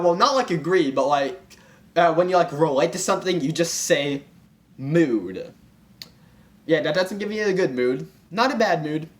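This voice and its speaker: A young man with a high voice rants for comedy, sounding exasperated as he piles up fillers and false starts. His talk is casual and self-interrupting. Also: a bit bright. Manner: exasperated, full of fillers and restarts. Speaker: commentary vlogger. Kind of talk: comedic rant.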